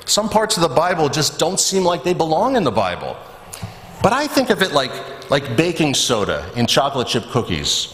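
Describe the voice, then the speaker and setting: A man voicing a kind, chatty churchwoman who explains things gently, recorded in an echoey church. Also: a little high, wildly swooping pitch, moderate pace, a little hiss or hum. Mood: playful. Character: warm, chatty middle-aged churchwoman. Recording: echoey church with long reverb.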